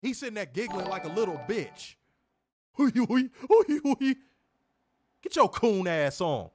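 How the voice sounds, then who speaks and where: A man's voice: high-pitched, sing-song, normal speed, husky, soft background music. A man co-hosting a wrestling review stream, ranting angrily and profanely with emphatic, insistent delivery. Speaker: wrestling show co-host. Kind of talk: heated profane rant on a stream.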